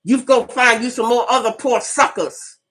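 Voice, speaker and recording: A woman's voice: fairly high pitch, steady tone, moderate pace, a bit bright. A middle-aged woman, hosting her own channel in a fiery, profane monologue that hammers points home by repeating them. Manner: fiery, preachy, profane, repeats herself for emphasis. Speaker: channel host. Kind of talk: impassioned monologue.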